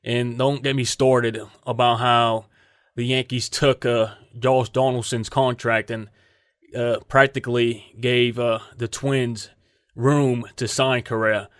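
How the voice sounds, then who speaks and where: A man hosting a casual sports talk show, animated and mocking, breaking into laughter often. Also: mid-range voice, takes it slowly, smooth, no echo, clean studio sound. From United States. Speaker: podcast host.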